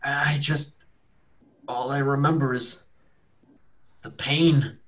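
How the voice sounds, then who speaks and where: A battered, half-starved young captive in his twenties, as a man puts him on, his voice pitched up and thin. He pleads in weak, halting words, slow and worn out, in a tabletop game podcast. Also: steady tone, fairly bright tone. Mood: faint pleading.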